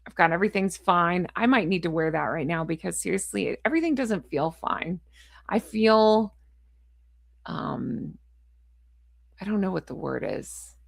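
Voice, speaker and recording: Woman vlogger, casual chat to camera, gravelly edge, dry close sound, blunt and frustrated. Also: on the low side, animated, a little slow, no echo. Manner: chatty, sign-off rambling. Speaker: royal commentary vlogger.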